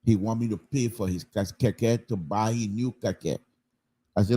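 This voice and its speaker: A man, commenting on public radio through animated anecdotes and repeated phrases for emphasis. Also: lowish voice, moderate pace, slightly rough. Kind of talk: call-in style public affairs talk.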